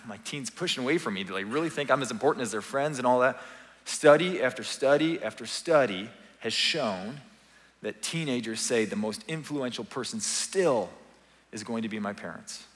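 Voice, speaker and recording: A man's voice: medium pitch, a bit bright, big-room sound. A man speaking as a family pastor, giving an earnest, encouraging, conversational sermon. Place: church sanctuary.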